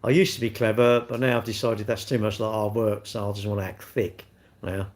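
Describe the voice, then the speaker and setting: A man's voice: on the low side, level tone, brisk, a little mellow. Rambling man in his sixties. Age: 60s. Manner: rambling, self-mocking, laughs often. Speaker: livestream host. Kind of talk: casual livestream chat reading comments.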